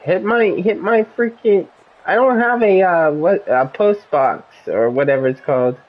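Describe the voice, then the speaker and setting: A gaming streamer chatting casually while playing, rambling and animated as they jump from one topic to the next. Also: medium pitch, unhurried, phone-quality sound.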